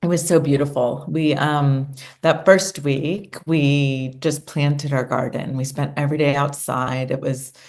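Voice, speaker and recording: A woman's voice: low-pitched, fairly even intonation, unhurried, few pauses, a little mellow. A middle-aged woman recounting a personal experience in an earnest, emotional way as an interview guest. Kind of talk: conversational interview storytelling.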